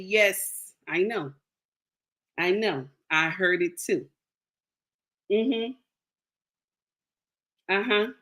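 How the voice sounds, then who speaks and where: A woman's voice: medium pitch, lively intonation, takes it slowly, pauses often, fairly bright tone. A woman giving blunt, emphatic relationship advice straight to camera, scolding and repeating her points for weight. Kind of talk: direct-to-camera advice monologue.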